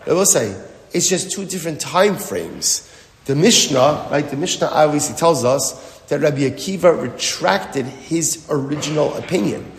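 A man's voice: a little high, big pitch swings, moderate pace, gravelly. Emphatic man teaching Talmud, echoey hall. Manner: emphatic, repeats phrases and asks rhetorical questions. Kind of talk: Talmud lesson explanation. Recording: echoey hall with long reverb.

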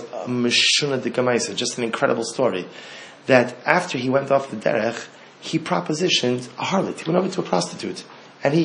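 A man preaching as a rabbi, telling a story with emphatic, repeated phrases and frequent restarts. His voice sits at an ordinary middle pitch. A faint ambient hiss runs underneath. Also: creaky, fairly bright tone. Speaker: rabbi teaching Talmud. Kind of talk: animated storytelling sermon.

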